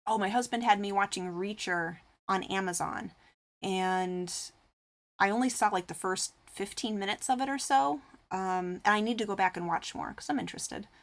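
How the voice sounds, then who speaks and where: A woman's voice: mid-range voice, normal speed. A woman streamer chatting casually with her live viewers, rambling and full of fillers, reading comments aloud and answering them. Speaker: craft streamer.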